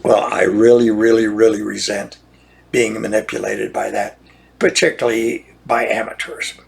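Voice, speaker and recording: Gravelly older man ranting indignantly. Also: fairly low pitch, big pitch swings, normal speed. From United States. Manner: indignant, repetitive, restarts phrases. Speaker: retired lawyer. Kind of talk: monologue rant.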